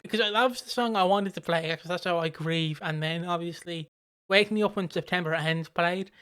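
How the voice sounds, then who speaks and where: A co-host chatting loosely on a soap podcast, drifting from one story to the next and swearing without a second thought. The voice is smooth and clean, sitting at a middling pitch. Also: fairly quick, fairly bright tone. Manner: rambling storyteller, swears freely. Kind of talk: casual chat.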